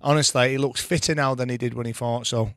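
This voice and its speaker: A man's voice: mid-range voice, fairly even intonation, fast, a bit bright, no room sound, clean studio sound. A man from Salford, co-hosting a sports podcast in eager, chatty talk. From Salford, England. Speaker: podcast co-host. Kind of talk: casual sports chat.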